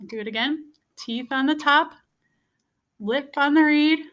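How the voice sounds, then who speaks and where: A woman's voice: high-pitched, a little slow, fairly bright tone. A woman teaching a beginner music lesson, patiently repeating each step and checking in with "okay?". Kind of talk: instructional video lesson.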